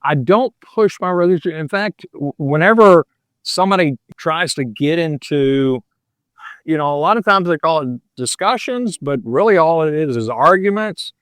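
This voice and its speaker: A man's voice: a little high, expressive, moderate pace, a bit bright, no room sound. Folksy older man in his seventies. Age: 70s. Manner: folksy and rambling, full of "you know" and "man". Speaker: podcast guest, thru-hiker and pastor. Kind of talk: casual interview chat.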